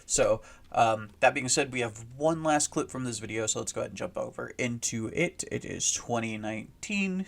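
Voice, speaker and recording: A man talking through a casual commentary video at a middling pitch. He rambles, circles back and restarts his sentences, with plenty of fillers. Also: animated, normal speed, creaky, a bit bright. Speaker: host.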